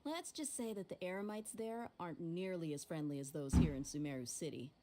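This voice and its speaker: A woman's voice: lowish voice, fairly quick, background noise, lightly acted. An actress voicing a tough, blunt female mercenary in a video game, direct and wry. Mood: matter-of-fact.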